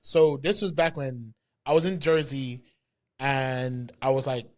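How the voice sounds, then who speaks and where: A man's voice: mid-range voice, steady tone, a little slow. A man, a podcast co-host in casual chat, telling a story with joking banter and repeated phrases.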